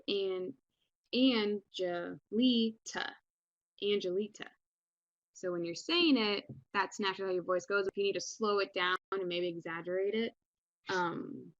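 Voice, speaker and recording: A woman's voice: lowish voice, no echo, lo-fi sound. A young woman teaching a recorded English lesson in a casual, chatty way, with many ums and restarts. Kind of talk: recorded online class lesson.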